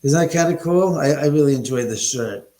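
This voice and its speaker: A man's voice: fairly high pitch, animated, a little fast, mellow, roomy sound. A man hosting a casual live stream from his home, rambling and greeting viewers by name. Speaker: livestream host. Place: room at home.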